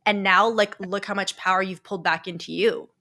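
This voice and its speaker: Woman, podcast host and coach, bright voice, earnest, affirming, emphatic. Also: mid-range voice, fairly even intonation, brisk. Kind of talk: conversational interview.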